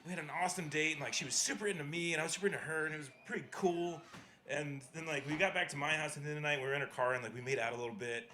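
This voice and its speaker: A young male host of a small comedy night rambles through a personal story on a stage mic, filling it with "like" and "uh". His voice is bright and sharp, and a little higher than most men's. A faint hiss sits under it. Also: racing. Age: young adult. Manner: rambling, full of fillers. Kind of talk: stand-up hosting.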